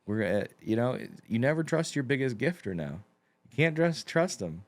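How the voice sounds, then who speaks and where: A man's voice: mid-range voice, big pitch swings, moderate pace. A man on a podcast, bantering and cracking crude jokes in casual chat. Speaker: podcast guest.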